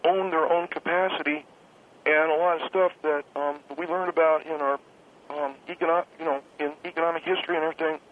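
Young man, high-ish voice, cheeky, rambling, stumbles, tinny phone line. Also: steady tone, a little fast. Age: young adult. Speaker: radio caller.

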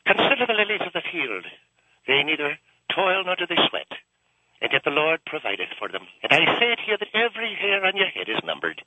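Brief: man doing an ex-cop Irish priest, lilting, pitch swinging wildly, bright tone. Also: sing-song, a little fast, dry recording, highs cut off, heavily acted. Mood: preachy. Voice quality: lilting, sing-song preachy delivery. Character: pious yet violent Irish priest, ex-cop, older man. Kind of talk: comedy radio sketch.

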